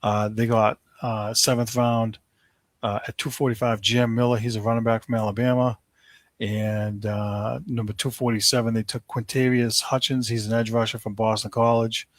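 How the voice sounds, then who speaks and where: A man's voice: mid-range voice, level tone, normal speed, no room sound. A man hosting a sports talk podcast, giving opinionated commentary in a casual, ranting way with lots of fillers.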